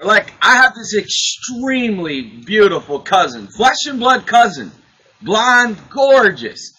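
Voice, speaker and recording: A man with a high, husky voice and a bright, sharp tone tells a story with great animation. He acts out what others said and laughs easily as he goes. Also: takes it slowly, low-quality recording. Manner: excitable storyteller, acts out quotes, laughs often. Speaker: podcast host. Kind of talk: casual chat, animated storytelling.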